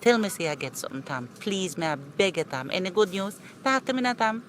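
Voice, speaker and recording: Emotional Jamaican woman in a cartoon, lower voice, over street noise. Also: very animated, fairly quick. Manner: pleading, repeats the name over and over. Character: eager young woman, emotional and grateful. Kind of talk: animated cartoon dialogue.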